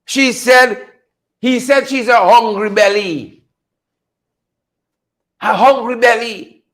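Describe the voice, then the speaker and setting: A man's voice: extremely high pitch, takes it slowly, a bit bright. A man hosting a casual political commentary show, teasing, laughing often and repeating his phrases. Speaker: host.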